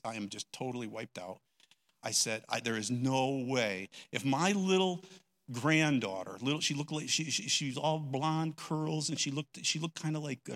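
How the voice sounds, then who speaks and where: An older man preaching a sermon, telling a personal story with strong emotion, dropping to a hush and then rising loud. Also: mid-range voice. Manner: emotional storytelling, swinging between hushed and loud. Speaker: pastor.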